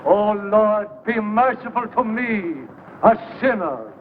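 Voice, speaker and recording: A fervent street preacher in a 1940s film, intoning a prayer in a high, ringing voice. Thin, tinny soundtrack with a steady hiss. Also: male voice, slow.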